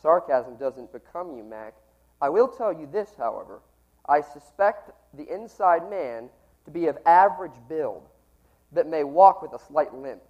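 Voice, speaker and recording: A sick man voicing a dry, sharp-witted male detective from a storybook, cool and precise. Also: on the high side, lively intonation, unhurried, muffled recording. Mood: coolly confident.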